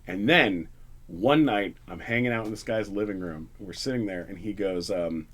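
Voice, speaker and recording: A man's voice: on the low side, normal speed, fairly bright tone, breathy edge. A man from Canada, a comedian guest, telling a rambling, profane story with lots of fillers and restarts in a radio studio. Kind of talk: casual storytelling on a talk radio show.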